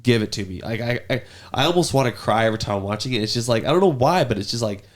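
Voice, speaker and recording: Lively, animated guy swearing. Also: medium pitch, racing. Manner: emphatic, profane, lively. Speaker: podcast co-host. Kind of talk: casual chat.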